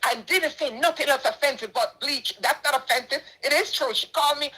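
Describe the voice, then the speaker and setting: Indignant Jamaican woman, bright voice. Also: high-pitched, a little fast, rough recording. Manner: indignant, emphatic, repeats her points. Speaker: charity donor responding to a dispute. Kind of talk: impassioned personal statement.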